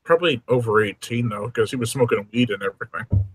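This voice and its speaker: A man's voice: mid-range voice, fast, slightly rough, faint music behind, rough recording. A man co-hosting a casual watch-along chat, cracking jokes and laughing along. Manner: joking, wisecracking. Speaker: co-host.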